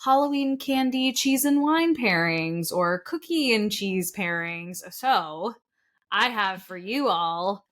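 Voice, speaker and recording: A woman's voice: medium pitch, expressive, slow pace, a bit bright. An American woman co-hosts a podcast in a loose, chatty way. She laughs easily and reads items off a list in an ordinary mid-range voice. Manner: chatty, laughs often, reads lists aloud. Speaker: podcast co-host. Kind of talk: casual chat.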